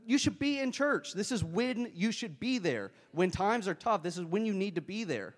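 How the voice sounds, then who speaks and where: A man preaching a sermon in a conversational way, often jumping up in pitch as he acts out quoted voices. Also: big pitch swings, moderate pace, hardly any pauses. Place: church hall. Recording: long hall reverb.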